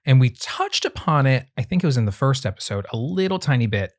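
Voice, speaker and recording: A man hosting a podcast who asks gentle, encouraging questions in casual conversation. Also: medium pitch, very animated, fast talker. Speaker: podcast host.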